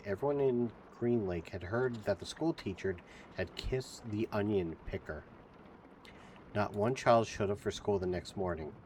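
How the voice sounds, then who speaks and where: A soft-spoken man reads a novel aloud on his stream, keeping his voice gentle and calm. His voice sits fairly low. A faint hum lies underneath. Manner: softly spoken.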